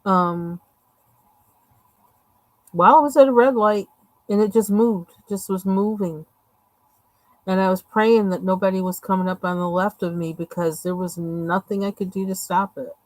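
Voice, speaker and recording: A woman's voice: medium pitch, fairly even intonation, moderate pace, long pauses, a little mellow, no room sound, low-quality recording. A woman chatting casually and rambling with lots of fillers while she colors on a livestream. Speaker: livestream host.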